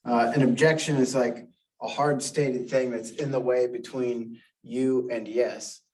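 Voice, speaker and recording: A man in a class, explaining sales lines in a measured way and acting out the scripts. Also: medium pitch, steady tone, a little mellow. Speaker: class participant. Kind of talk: classroom discussion. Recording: echoey room, mic far off.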